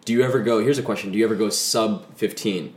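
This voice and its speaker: A man co-hosting a casual podcast, teasing and quick with wry remarks. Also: on the low side. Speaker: podcast co-host. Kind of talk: casual chat.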